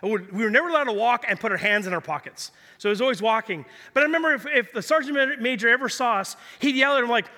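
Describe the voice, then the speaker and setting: Male pastor, very high and bright voice, energetic and jokey, long hall reverb. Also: fast. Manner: energetic, jokey storytelling preacher. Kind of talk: sermon.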